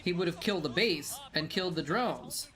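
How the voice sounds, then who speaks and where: A man with a high, expressive voice, pushed and bright, talks a little fast. He hosts a stream watching old pro games, keeping up easygoing, rambling commentary and reading chat aloud.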